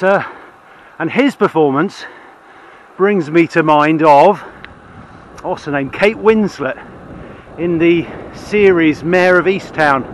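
A man's voice: on the high side, a little hiss or hum. A man, a bit tired, riding a bike outdoors and rambling through wry, chatty asides as he vlogs the ride. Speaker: cycling vlogger. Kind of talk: rambling ride-along commentary.

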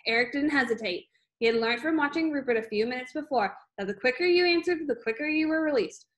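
A woman's voice: high-pitched, animated, fast talker, a bit bright. A woman reading a children's book aloud with an easy, loose delivery. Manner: unscripted-sounding, with fillers and restarts. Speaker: reader.

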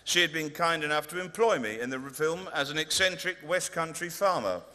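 A male comedian presenting an award at a ceremony in a large converted hall, delivering dry, deadpan, mock-pompous stand-up. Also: on the high side, a little fast. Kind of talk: stand-up style presentation speech. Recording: reverberant hall with faint noise.

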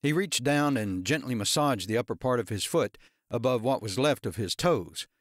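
A man narrating an audiobook thriller in a steady storytelling manner. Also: medium pitch, moderate pace, dry recording, studio quality. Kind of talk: scripted narration.

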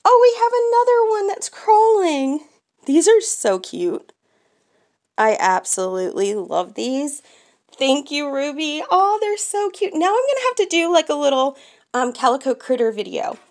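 A young woman chatting casually while unboxing mail, gushing with excitement and gasping at each find. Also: high voice, moderate pace. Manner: gushing, excitable, squeals and gasps. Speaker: toy collector vlogger.

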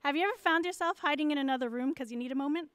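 A woman's voice: high voice, very fast, no echo. A pastor's wife giving a church message to mothers, candid and encouraging.

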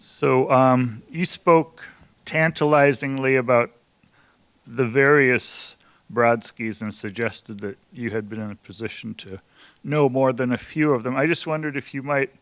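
A man rises from the audience to ask a question. His voice is mid-pitched and recorded dry and close. He speaks in a measured way and pauses to find his words. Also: a bit bright, dry recording.

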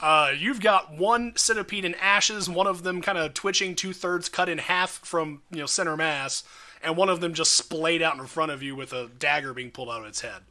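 Casting: male game master, higher, bright tone, playful narration. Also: normal speed. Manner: lively, laughing, playful narration.

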